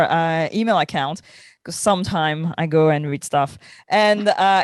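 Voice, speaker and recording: A French-accented woman co-hosts a podcast, her medium-pitched, smooth voice captured cleanly in a studio with no echo. She chats loosely and laughs a lot, filling her speech with fillers, and she sounds tired.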